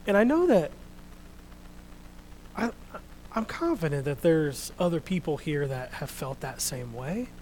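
A man preaching a sermon, reading scripture out loud and then talking quietly and earnestly to his congregation. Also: on the high side, big pitch swings, unhurried, long pauses, slight background noise, low-quality recording. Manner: reads scripture loudly, then speaks quietly and reflectively.

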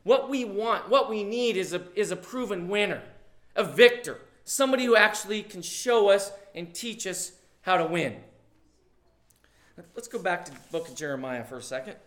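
Pastor guy, pretty high voice, chatty sermon that jumps loud on key words. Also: expressive, moderate pace. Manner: conversational preaching with sudden loud emphasis.

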